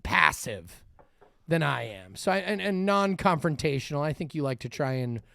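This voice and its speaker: A man hosting a podcast in casual chat, animated and rambling with many restarts. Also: on the high side, moderate pace, gravelly. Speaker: podcast host.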